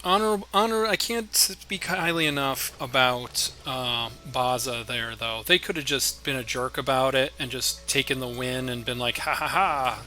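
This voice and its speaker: A man's voice: mid-range voice, sharp tone, slight background noise. A man streaming a card game live, thinking his moves aloud in a chatty way and talking to his opponent and viewers.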